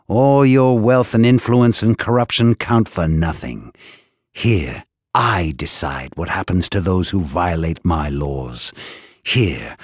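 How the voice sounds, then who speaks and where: A man puts on a sadistic prison warden in an audiobook, his voice very deep and husky with wide, swooping inflection. He taunts his captive slowly and gloatingly, every word dripping with cruelty. The recording is dry and close. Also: dry recording, exaggerated voice. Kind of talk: audiobook character voice.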